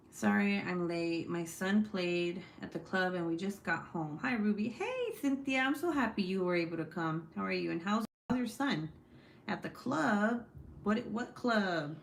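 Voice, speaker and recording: A woman's voice: medium pitch, expressive, unhurried, gravelly, echoey room, a little hiss or hum. A woman in her forties hosting a casual livestream, chatting with viewers and reading their comments, swearing freely. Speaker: livestream host.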